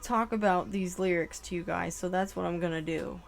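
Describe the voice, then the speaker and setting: A woman tarot reader giving a channeled reading, emotional and halting, full of "like" fillers. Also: on the low side, creaky, slight background noise.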